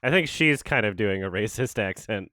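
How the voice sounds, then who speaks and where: A man riffing through a casual watch-along with a lively, swooping delivery and a sarcastic, mocking edge. His voice is bright and smooth, and it sits close and dry. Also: on the low side, dry recording. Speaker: host.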